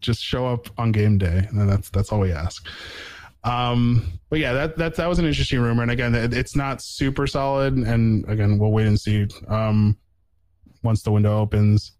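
A man's voice: mid-range voice, steady tone, moderate pace, a little mellow, low-quality recording. A man hosting a casual sports podcast, rambling with lots of fillers and restarts. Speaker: podcast host.

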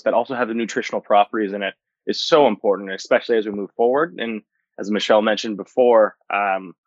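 A man's voice: on the low side, no room sound, lo-fi sound. A man speaking as an interview guest in an earnest, emphatic way, with frequent fillers and repeats. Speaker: guest, indoor farming company co-founder. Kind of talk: conversational interview.

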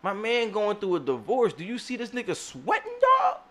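Animated, profane man riffing on a podcast. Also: high voice, normal speed. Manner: profane, animated, riffing, says "dog" often. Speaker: podcast co-host. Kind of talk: casual chat.

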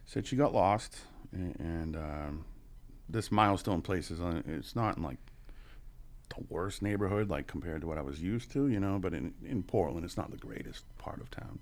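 A man's voice: deep voice, expressive, moderate pace. A man in his forties, a podcast guest, telling his story in a casual, profane way, full of "you know" and chuckles. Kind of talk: candid storytelling.

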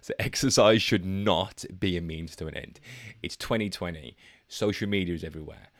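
A man with a very low voice talks alone into the mic as a fitness podcast host. He is casual and chatty, sometimes reading his notes aloud and laughing at himself. The sound is close and dry. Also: normal speed, no room sound. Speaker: podcast host and personal trainer. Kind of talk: solo podcast monologue.

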